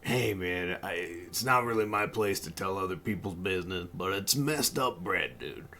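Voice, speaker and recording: A man doing a mellow stoned stranger. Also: deep voice, lively intonation, moderate pace, vocal fry, faint music behind, heavily acted. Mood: evasive. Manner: drawling, slangy, easygoing. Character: laid-back stoned male stranger, mellow drifter. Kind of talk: tabletop game character voice.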